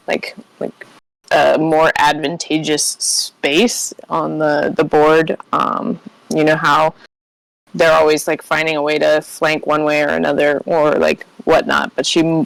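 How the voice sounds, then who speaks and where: A woman's voice: low-pitched, vocal fry, no room sound, rough recording. A woman playing a tabletop game, describing her character's actions in a rambling way. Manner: rambling, says like a lot. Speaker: player.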